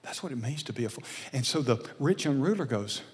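A man, preaching a sermon as a pastor, animated and acting out dialogue, sometimes dropping to a whisper. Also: mid-range voice, quick pace. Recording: long reverb of a large hall.

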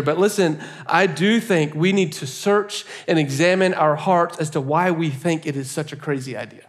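A pastor preaching a sermon, telling a story in an animated way and laughing often. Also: male voice, on the high side.

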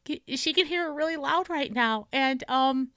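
A woman's voice: sits high, moderate pace, pushed and bright, dry recording, studio quality. A woman playing her character in a tabletop game, stammering and rambling in a flustered way. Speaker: player voicing Zelda. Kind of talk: in-character tabletop role-play.

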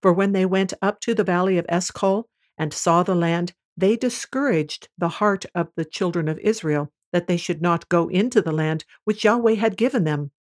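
A woman host reading scripture aloud at a measured, even pace. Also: lowish voice.

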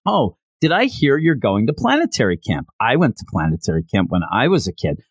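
A man's voice: medium pitch, wildly swooping pitch, brisk, breathy edge, dry recording, clean studio sound, heavily acted. A man voicing a chatty, nostalgic old woman reminiscing. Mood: warm.

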